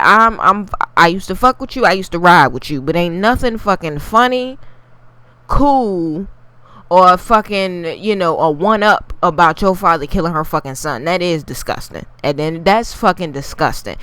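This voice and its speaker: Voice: medium pitch, a bit bright, clean tone. A TV recap reviewer giving a casual, blunt, profane take and talking straight to the viewers. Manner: addresses viewers directly.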